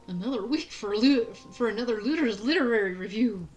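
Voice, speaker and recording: A woman voicing a boisterous old male pirate captain, reading game dialogue aloud in character with a loud, swaggering storyteller's manner. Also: on the high side, lively intonation, a little fast, soft background music, lightly acted, poor audio.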